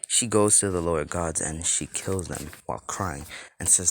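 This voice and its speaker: Brief: low-pitched male storyteller, loose and rambling, improvising a fan story. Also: normal speed, a little hiss or hum. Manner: rambling, full of "like" and restarts. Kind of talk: improvised fan-fiction narration.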